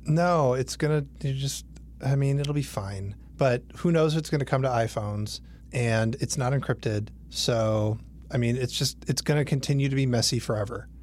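Man, podcast co-host, casual explaining, mid-pitched everyday voice. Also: moderate pace, a little mellow, a little hiss or hum. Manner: explanatory, loose, with fillers and restarts. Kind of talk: casual tech podcast chat.

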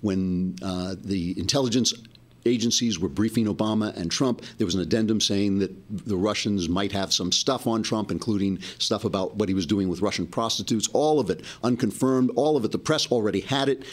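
A man with a fairly low voice hosts his own commentary show. He talks in a loose, musing way, working through his thoughts as he goes. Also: brisk. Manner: musing, talks while thinking aloud. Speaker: podcast host. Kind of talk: casual commentary and read ad.

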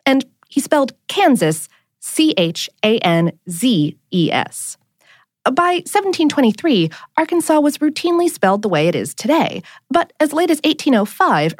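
Woman podcast host, higher voice, wry scripted read, dry close studio sound. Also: no echo. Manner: lively, wry scripted delivery. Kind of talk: scripted explainer narration.

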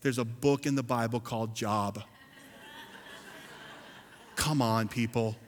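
A man preaching a sermon as pastor, animated, swinging between loud and soft and acting out churchgoers. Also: medium pitch, moderate pace, pauses often, husky. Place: church sanctuary. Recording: long hall reverb.

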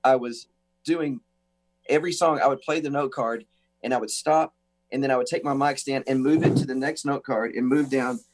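Man, from the US, talk-show guest, animated storytelling, acts out quotes, medium pitch. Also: normal speed. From United States. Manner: frequent restarts and laughter. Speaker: guest musician.

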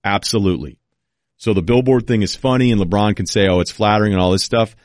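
Low-voiced man ranting about basketball. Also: a little mellow, no room sound, clean studio sound. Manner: opinionated, rapid-fire team rundown. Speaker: podcast host. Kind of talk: casual sports talk.

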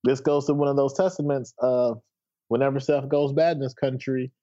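A man's voice: mid-range voice, fairly even intonation, moderate pace, warm tone, lo-fi sound. A man in his thirties co-hosting a podcast, telling a story in an amused, casual way. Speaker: podcast co-host.

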